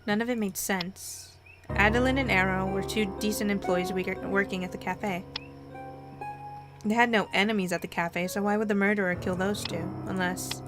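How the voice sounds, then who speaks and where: A woman reading a story game aloud with expressive delivery, stumbles and wry asides, music playing behind. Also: medium pitch, normal speed. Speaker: game narrator and player.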